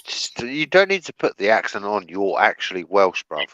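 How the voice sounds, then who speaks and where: A man's voice: lowish voice, sing-song, moderate pace, highs cut off, background noise. A man with an English accent in a casual online group chat, joking and swearing often. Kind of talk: casual banter.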